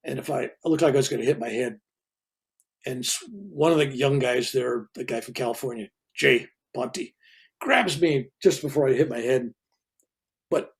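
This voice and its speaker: Give me a husky older man, a reverend, telling a story in a rambling, animated way. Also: a little high. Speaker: reverend and guest speaker. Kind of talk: casual storytelling interview.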